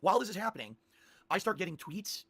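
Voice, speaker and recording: A man telling a long rambling story to his stream viewers, animated and repeating himself. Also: sits high, fast talker, slightly rough, no echo.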